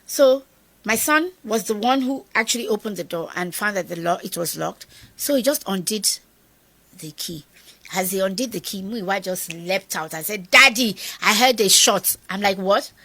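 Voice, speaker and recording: A middle-aged Nigerian woman telling a personal story in an interview, animated and acting out the dialogue of the people in it. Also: mid-range voice, moderate pace, no echo. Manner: animated, acts out quoted dialogue. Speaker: guest.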